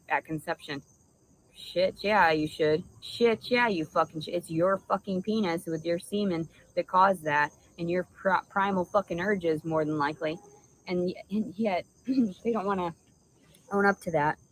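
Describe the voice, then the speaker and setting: A woman's voice: deep voice, a little hiss or hum, poor audio. A woman delivering an angry, profanity-laden vlog rant, insulting and rambling. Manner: furious, insulting, stream-of-consciousness. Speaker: vlogger.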